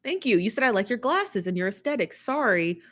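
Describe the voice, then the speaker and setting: Woman hosting a live stream; casual, chatty, animated commentary with frequent repetition and laughter. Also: a little high, fairly quick. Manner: chatty, animated, repeats herself, laughs often. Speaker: live show host.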